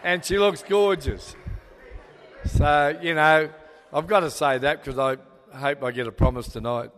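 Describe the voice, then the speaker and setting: Over a noisy background and long hall reverb, an older Australian man delivers a rambling, sentimental father-of-the-bride speech full of fillers and restarts. His voice is on the high side, fairly even in intonation, and unhurried.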